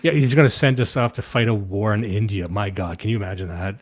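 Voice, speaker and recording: Canadian guy hosting a stream, lowish voice, rambly and sweary political chat. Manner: rambling, sweary, quick to laugh. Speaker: stream host.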